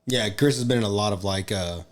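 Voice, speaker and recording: A man's voice: on the low side, quick pace. A young man hosting a casual podcast, telling a rowdy story with lots of swearing and laughter. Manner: profane, laughing, excitable storyteller. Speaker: podcast host.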